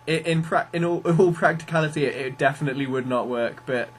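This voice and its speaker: A man's voice: on the high side, brisk, a little hiss or hum. A man hosting a casual interview, asking laid-back questions and teasing his guest. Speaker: podcast host.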